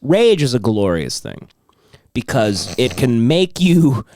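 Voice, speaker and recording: A man's voice: slow, dry recording, clean studio sound. A man hosting a comedy podcast, chatting casually and swearing a lot while acting out quotes. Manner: animated, profane, acts out quotes in high voices. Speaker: podcast host.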